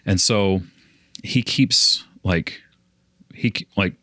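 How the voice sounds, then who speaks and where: A man's voice: deep voice, takes it slowly, bright, forceful tone, no room sound, clean studio sound. A young man on a casual podcast, telling a long story in a rambling way and often restarting his sentences. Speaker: podcast co-host.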